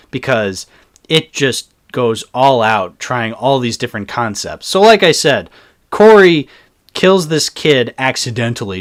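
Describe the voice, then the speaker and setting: A man's voice: medium pitch, fairly bright tone. A young man giving a casual, sarcastic film review, exasperated and swearing freely. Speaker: movie reviewer.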